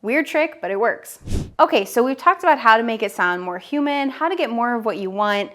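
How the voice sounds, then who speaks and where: A woman's voice: a little high, expressive, a little fast, a bit bright. A woman in her thirties teaching business owners directly to camera, upbeat and direct, talking straight to the viewer. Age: 30s. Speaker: online business educator.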